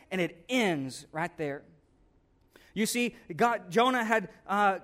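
Man, preacher, high voice, sermon, acts out a grumbling prophet, loud and soft swings. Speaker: pastor.

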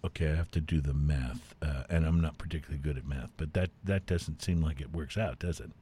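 A man from Texas co-hosting a casual chat, animated and chatty with plenty of fillers. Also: very deep voice, a little fast, slightly rough. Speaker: co-host.

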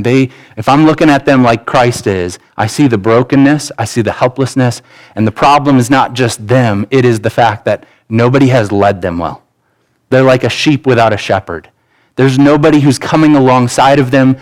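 A man's voice: mid-range voice, darkish tone, rough recording. A man in his thirties, a pastor preaching a conversational sermon that mixes scripture with family stories and acted-out dialogue. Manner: acts out quoted voices in dialogue. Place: church sanctuary.

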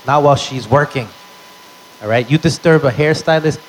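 A man's voice: mid-range voice, normal speed, a little hiss or hum, low-quality recording. A man telling a stand-up story in a brash, profane way, tossing in Spanish phrases. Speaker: stand-up comedian.

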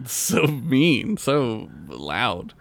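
A man's voice: medium pitch, very animated, drawn-out words, vocal fry, no room sound. A man co-hosting a podcast, trading crude jokes and laughing often in casual banter. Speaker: podcast co-host.

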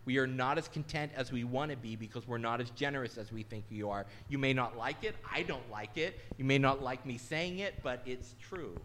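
A man's voice: mid-range voice, brisk, few pauses, fairly bright tone, slight background noise. A middle-aged man, a pastor, giving a sermon in a candid, conversational and self-deprecating way.

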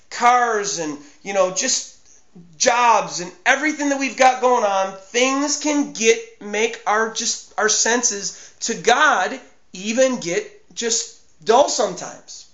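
A man's voice: very high voice, fairly bright tone, reverberant, highs cut off. A man preaching a sermon in an earnest, emphatic way, often repeating his phrases. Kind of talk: sermon on fasting.

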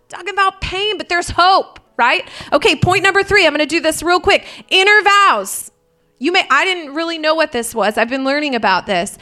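High bright-voiced woman preaching a sermon. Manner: impassioned, rising to fervent prayer. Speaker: pastor.

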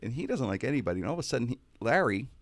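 A man spins a story in loose talk-show chat, his pitch leaping all over the place. His voice carries a gravelly edge, and the sound is close and dry. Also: very fast, no room sound. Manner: animated, does comic voices mid-story.

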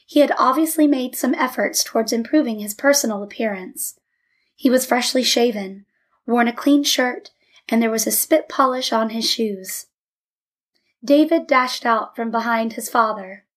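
A woman reading a story aloud in a measured, steady narration. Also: fairly high pitch. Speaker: audiobook narrator.

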